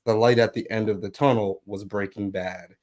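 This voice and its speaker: Low-voiced Southern man, co-host. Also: fairly even intonation, moderate pace, a little mellow. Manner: reads news aloud, thoughtful, defends opinions. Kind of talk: casual podcast chat.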